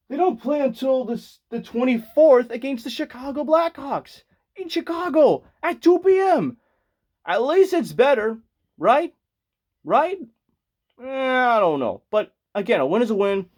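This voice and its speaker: A man with a fairly high voice rants through a sports recap in a loose, rambling way. He sounds tired and exasperated, and keeps restarting his sentences. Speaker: sports fan vlogger. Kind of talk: casual ranting recap.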